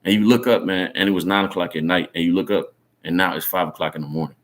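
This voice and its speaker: Speaking fast with a steady tone, a very low-voiced man teaches scripture loosely and conversationally in an informal sermon. He comes across as earnest and encouraging, keeps checking on his listeners, and fills his talk with casual tags such as "man" and "right?"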